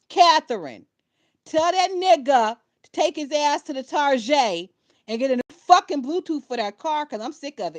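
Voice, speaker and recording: A woman's voice: high-pitched, animated, normal speed. A young woman giving casual gossip commentary to her viewers, blunt and profane, often laughing. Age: young adult.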